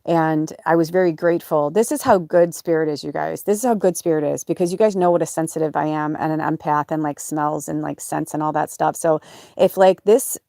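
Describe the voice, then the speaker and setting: A woman with a fairly low voice rambles through a casual podcast monologue, full of fillers and restarts. The sound is dry and close. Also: a little fast, vocal fry, mellow, no room sound. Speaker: podcast host and medium. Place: off-grid home or van.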